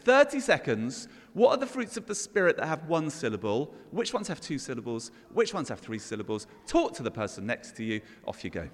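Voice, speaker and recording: Lively man preaching in a reverberant church. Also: mid-range voice, fairly quick, few pauses. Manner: lively, leads the congregation in call and response. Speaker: pastor. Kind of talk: all-age sermon. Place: church hall.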